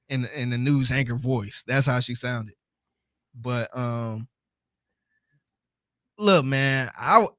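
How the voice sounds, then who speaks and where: A man's voice: mid-range voice, no echo. A man co-hosting a podcast who talks animatedly and chuckles between his points. His voice sits mid-range and the sound is dry and close, with no room around it. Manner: animated storytelling, laughs between points, repeats himself. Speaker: podcast co-host. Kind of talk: casual podcast chat.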